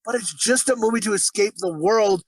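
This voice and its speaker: A man co-hosts a crude movie review podcast, ranting, swearing freely and staying animated throughout the casual chat. His voice sits high and runs a little fast, with no echo.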